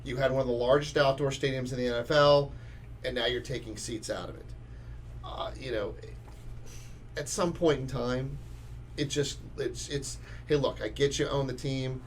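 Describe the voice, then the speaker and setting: A man's voice: mid-range voice, moderate pace, pauses often. Man, sports podcast co-host, emphatic, restarts a lot, faint background noise. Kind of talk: casual sports talk.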